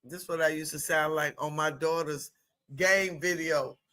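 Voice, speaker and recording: A woman streaming live play-by-play commentary in a chatty, colloquial way, exclaiming loudly at good plays. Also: low voice, fairly even intonation, normal speed.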